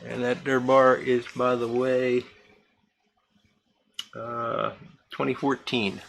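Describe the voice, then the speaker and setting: Guy running a livestream auction, gravelly and kinda bright, chatty, calls out bids. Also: medium pitch, level tone, slow pace, poor audio. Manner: chatty, reads out bidders and amounts. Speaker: livestream charity auction host. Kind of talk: casual live-stream auctioneering.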